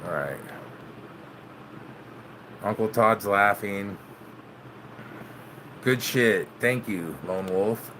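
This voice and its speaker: Casual male host, laid-back and profane, bright tense tone, light background hiss. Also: lowish voice, drawn-out words, long pauses. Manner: laid-back, swears, keeps saying "man". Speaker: channel host. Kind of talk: casual vlog chat with live viewers.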